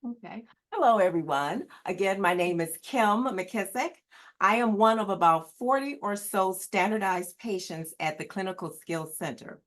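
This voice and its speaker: A woman's voice: medium pitch, moderate pace, fairly bright tone. A woman who works as a standardized patient, giving an earnest, emphatic prepared presentation. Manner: earnest, emphatic, repeats key words.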